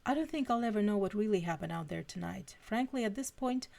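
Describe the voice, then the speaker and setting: A cool, skeptical female FBI agent who speaks firmly and in clipped phrases, as a woman reads her. She stays level and unconvinced throughout. Her voice carries a gravelly fry. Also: medium pitch, lively intonation, fast, darkish tone.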